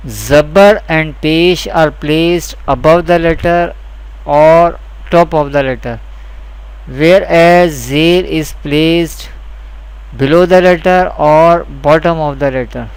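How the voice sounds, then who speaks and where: A man teaching a beginner's Quran reading lesson, repeating each rule slowly and carefully, with a South Asian English accent. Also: on the high side, clear, resonant tone, poor audio. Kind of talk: slow instructional lesson.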